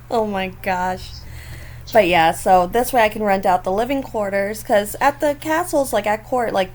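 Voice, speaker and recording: A woman hosting a gaming channel, giving chatty, giggly gameplay commentary. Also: mid-range voice. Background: faint neighbors outdoors.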